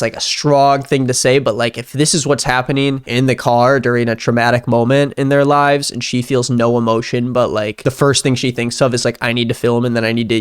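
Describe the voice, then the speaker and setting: Young guy doing reaction commentary, sarcastic, can't believe what he's watching. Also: medium pitch. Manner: sarcastic and incredulous. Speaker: YouTube commentator.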